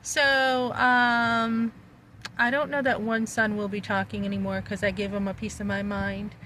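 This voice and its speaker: A middle-aged woman vents in a blunt, emphatic vlog, her voice bright and forceful. She talks into a phone out on a street, with faint outdoor noise behind her. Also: medium pitch, level tone, unhurried, poor audio. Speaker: vlogger. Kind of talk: casual spoken vlog.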